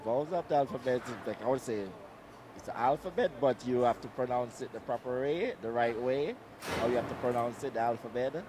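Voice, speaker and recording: A man on a busy city street answers in a rambling, hesitant voice full of fillers. Clear traffic noise runs behind him. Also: mid-range voice, brisk. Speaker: passer-by interviewee.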